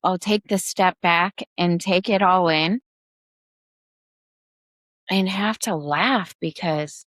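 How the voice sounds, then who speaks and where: A woman co-hosting a casual podcast conversation, frank and unhurried, who laughs and swears freely. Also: fairly low pitch, fairly bright tone, dry recording. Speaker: podcast co-host.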